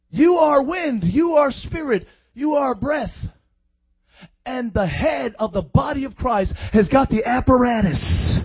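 A man's voice: extremely high pitch, lively intonation, a little slow, slightly rough, lo-fi sound. A man preaching a sermon in a fervent, rhythmic style, calling on his congregation to answer back. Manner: fervent, rhythmic, call-and-response.

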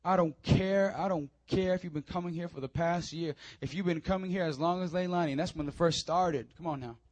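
High-voiced young man preaching with fervor. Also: fairly quick, no room sound. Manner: impassioned preaching, swinging between loud urging and low confiding asides. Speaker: pastor. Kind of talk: sermon. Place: church sanctuary.

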